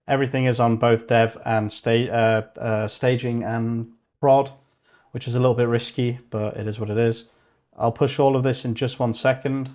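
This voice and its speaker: A young man vlogs while coding on stream, thinking aloud, muttering to himself, and swearing casually. His voice is medium-pitched and a little mellow.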